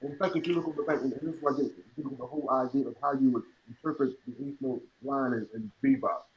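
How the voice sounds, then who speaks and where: A man teaching jazz articulation in an online clinic, breaking into scat syllables to demonstrate rhythms in a lively, humorous way over a video call. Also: mid-range voice, fast talker, lo-fi sound. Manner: scat-sings rhythm examples between explanations. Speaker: jazz music educator. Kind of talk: online music clinic lecture.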